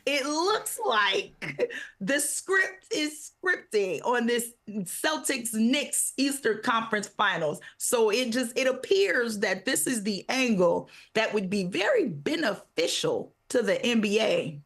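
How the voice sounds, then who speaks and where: A woman co-hosting a sports talk show in a casual debate, chatty and quick with interjections. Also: a little high, sing-song, a bit bright.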